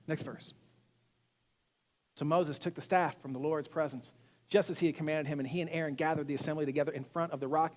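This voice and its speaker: A male pastor giving a sermon in an animated way, asking the congregation questions. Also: a little high, brisk, in a large hall. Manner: animated, acts out quotes, asks the audience questions.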